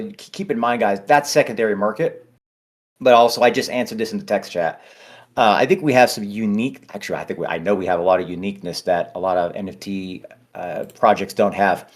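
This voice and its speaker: A man with a fairly low voice hosts a casual livestream AMA. He talks in an upbeat, chatty way, reassuring viewers as he works through their questions.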